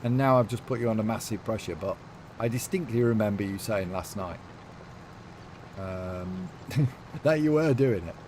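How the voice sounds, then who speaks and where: A man's voice: fairly low pitch, moderate pace, pauses often. A man with a chatty manner, casually talking to his live-stream chat while playing, with faint noise behind him. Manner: chatty, reads out and answers chat.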